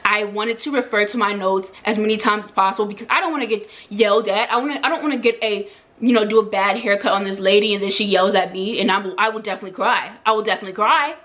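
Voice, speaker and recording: A woman's voice: mid-range voice, fast, fairly bright tone. A young woman, a hairstylist, telling a story in a casual, chatty way with lots of "like" and repeated phrases. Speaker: hairstylist and vlogger.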